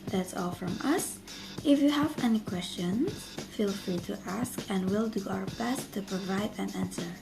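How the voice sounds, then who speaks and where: A young woman student giving a class presentation, reading her part in a steady, list-like way. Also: mid-range voice, normal speed, gravelly, over music, rough recording. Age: young adult. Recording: faint background noise.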